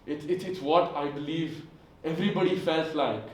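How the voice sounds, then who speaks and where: A young man with a cold playing a solemn female schoolteacher in a low, hushed voice. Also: normal speed, natural voice. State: sick. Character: solemn future schoolteacher, woman. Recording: echoey room heard from far off.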